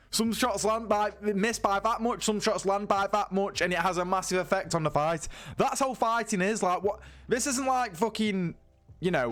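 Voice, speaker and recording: A man's voice: high-pitched, a bit bright. A man giving a casual, incredulous and sweary rant as a sports news YouTuber.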